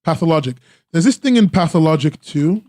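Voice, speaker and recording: A man's voice: on the high side, lively intonation, fairly quick, darkish tone, no room sound, clean studio sound. A man casually reviewing webcomics on a stream, rambling with lots of "like" and restarts, eager in his praise. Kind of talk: casual live-stream commentary.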